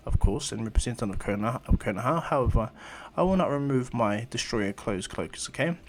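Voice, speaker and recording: A man voicing a calm, aloof young male ninja turned god, speaking in a lofty, lecturing way. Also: mid-range voice, fairly quick.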